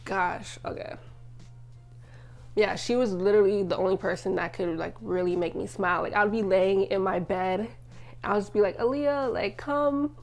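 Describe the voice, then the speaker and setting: A young woman vlogger giving a personal life update to her camera, emotional and tearful at times, talking in a loose chatty way full of "like". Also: medium pitch.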